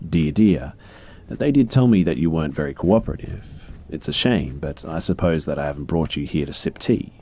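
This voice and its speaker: A man's voice: a bass voice, moderate pace, darkish tone. A man voicing a coldly polite professor who speaks with patronizing, courteous menace. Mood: smooth, menacing. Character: coldly polite male professor experimenting on a captive.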